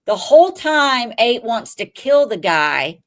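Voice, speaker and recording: A woman co-hosting a podcast, retelling a TV episode in a rambling, profane, animated way. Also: on the high side, slow pace. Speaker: podcast co-host. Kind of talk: casual TV recap chat.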